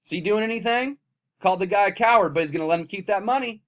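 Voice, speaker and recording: A vlogger with a slightly high voice rants passionately straight into his own camera at a quick pace. He swings between loud, heated outbursts and low, weary muttering, swearing along the way. The sound is lo-fi.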